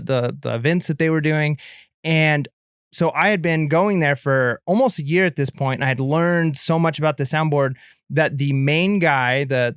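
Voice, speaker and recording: Smooth-voiced man telling stories. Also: fairly high pitch, no echo, clean studio sound. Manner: rambling, lots of filler and restarts. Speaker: podcast co-host. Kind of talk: casual chat, storytelling.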